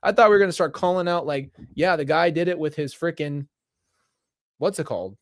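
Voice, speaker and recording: A man live-streaming as he reads an interactive mystery story aloud, excitable, breaking off to laugh and react. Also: on the high side, a little fast, no echo, studio quality. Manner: excitable, laughing and reacting between read passages.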